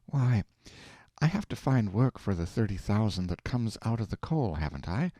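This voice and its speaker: A man reading aloud, voicing a prim, thrifty wife who speaks gently and reprovingly. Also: lowish voice, very animated, normal speed, no echo. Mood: calm.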